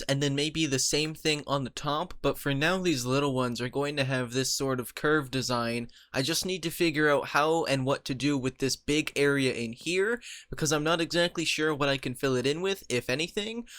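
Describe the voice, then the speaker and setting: A man giving casual commentary over his own gameplay, thinking out loud about his build and laughing easily. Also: on the high side, no room sound. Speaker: Minecraft let's player.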